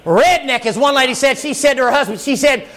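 A man's voice: extremely high pitch, a little fast, a bit bright. A man, preaching a fervent, folksy revival sermon and hollering his points.

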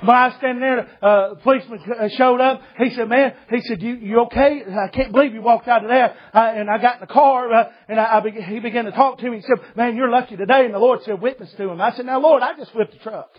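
High-voiced preacher telling a story. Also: male voice, fast, few pauses, lo-fi sound. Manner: lively storytelling, acts out voices, laughs. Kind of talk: sermon testimony.

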